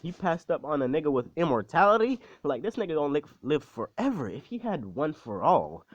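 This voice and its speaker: A man voicing a cranky old male retired hero, raising his voice higher and louder in indignation. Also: sing-song, fairly quick, dry recording. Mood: incredulous. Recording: dull, dry close recording.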